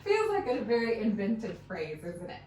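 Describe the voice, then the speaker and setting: Woman fiddle teacher, patient and encouraging, fairly high voice, roomy far-off sound. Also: wildly swooping pitch, normal speed, a little mellow, a little hiss or hum. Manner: encouraging, patient, counts beats aloud. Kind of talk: one-on-one music lesson. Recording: echoey room, mic at a distance. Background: fiddle playing.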